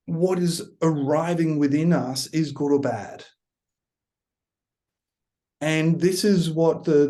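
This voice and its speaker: A man, a coach speaking as a podcast guest, thoughtful and unhurried as he tells stories. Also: fairly high pitch, dark tone. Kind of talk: reflective podcast conversation.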